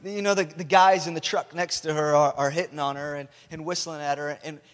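A man's voice: on the high side, steady tone, fairly quick. A male pastor preaching a sermon in a loose, conversational way, often restarting his words. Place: church hall. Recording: long hall reverb.

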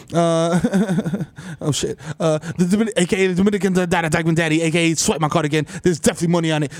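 Brief: high-voiced brash male comic, streetwise swagger, faint music under. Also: dry recording. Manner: hype-man bravado, swings between booming and mumbling; profane, streetwise slang. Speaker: podcast host. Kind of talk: rapid-fire comedic riffing with put-on voices.

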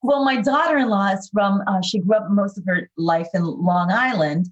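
An older actress with a faint New York accent, chatting warmly and enthusiastically as a guest, with lots of fillers. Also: female voice, medium pitch, moderate pace. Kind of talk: casual interview chat. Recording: dull, lo-fi sound.

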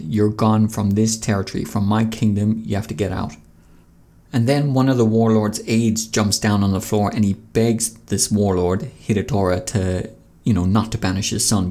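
A man's voice: fairly low pitch, mellow. A man hosting a casual film commentary, talking loosely and conversationally with lots of filler phrases. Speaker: video essay host.

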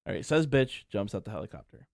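A man's voice: on the low side, sing-song, fast talker, vocal fry, a little mellow, dry recording, clean studio sound. A young man hosting a podcast, ranting casually and crudely, laughing often and acting out quoted people in raised voices. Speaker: podcast host. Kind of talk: casual solo rant.

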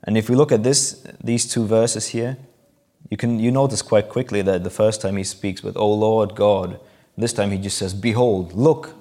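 A man's voice: on the low side, little pitch movement, normal speed, dark tone. A man preaching a sermon, explaining a passage and acting out quoted lines with rising emphasis.

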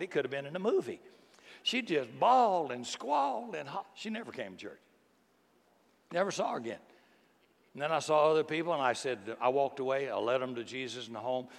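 A man preaches a sermon in a big church hall, his voice trailing off in long reverb. He tells folksy stories, going soft and hushed and then bursting out loud. His pitch sits mid-range for a man. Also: vocal fry. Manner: folksy, animated storytelling with sudden loud outbursts and soft hushed passages. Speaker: pastor.

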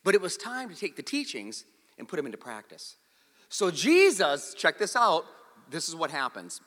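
A man preaching a sermon, telling a story with jokes and an animated delivery. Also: a little high, normal speed. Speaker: pastor. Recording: long hall reverb.

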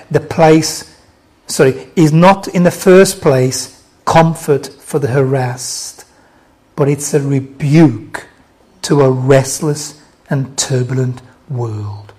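A man preaching a sermon, swinging between loud, emphatic exhortation and hushed, soft reassurance. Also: fairly high pitch.

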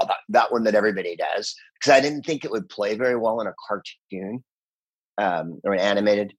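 A man in his sixties from the United States, a guest voice actor telling casual anecdotes in an animated way. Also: fairly low pitch, brisk, husky. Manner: animated storyteller, slips into impressions.

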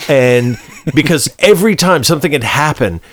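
A man's voice: a little high, moderate pace. A man co-hosting a podcast, telling stories in a casual movie chat and mimicking people as he goes. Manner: animated storyteller, mimics people. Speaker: podcast co-host.

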